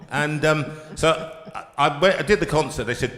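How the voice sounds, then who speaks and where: A man's voice: on the high side, expressive, moderate pace, a bit bright. A man from the south of England hosting a live music stream, chatty and self-mocking, laughing often as he tells stories. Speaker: singer and concert host. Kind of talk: casual live-stream chat. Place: music room. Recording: echoey room with long reverb.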